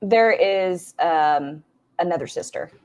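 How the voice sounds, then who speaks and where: A woman talks over clips in a lowish voice, blunt and mocking. Her commentary is casual and full of swearing and sarcastic asides. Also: slow, clean tone. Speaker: commentary streamer reacting to clips.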